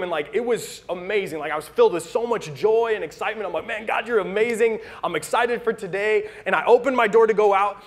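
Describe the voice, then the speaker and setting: A young American man preaching a sermon in a casual storytelling way, acting out the people he quotes. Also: high-pitched. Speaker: pastor.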